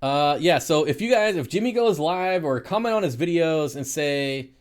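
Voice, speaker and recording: A man's voice: fairly high pitch, lively intonation, normal speed. Casual man hosting a live stream. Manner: chatty, answers viewer comments with frequent laughs. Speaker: aquarium live stream host.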